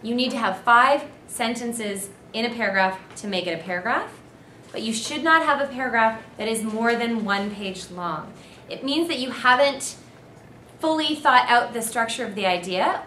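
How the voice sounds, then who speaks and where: A woman university English lecturer giving a clear, emphatic seminar talk on essay writing. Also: on the high side, a bit bright. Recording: echoey room, faint noise.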